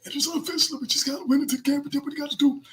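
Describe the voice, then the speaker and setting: A man's voice: extremely high pitch, steady tone, very fast, slight background noise, voice pushed up, poor audio. A man doing a mocking impression of a hesitant, rambling football head coach who stalls with "uh, you know" fillers.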